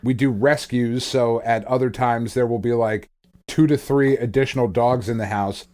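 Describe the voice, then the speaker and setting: A man's voice: medium pitch, steady tone, moderate pace, mellow. A man hosting a casual podcast, rambling and swearing with frequent laughs. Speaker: podcast host.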